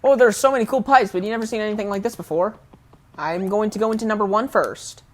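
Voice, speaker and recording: A woman's voice: medium pitch, fast. A woman giving casual, rambling let's play commentary, frank and often correcting herself.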